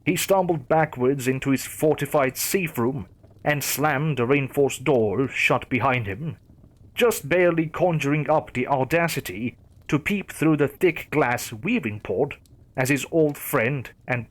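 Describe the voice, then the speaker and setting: A man reading a horror story as scripted narration in a dramatic, measured way. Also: medium pitch, expressive.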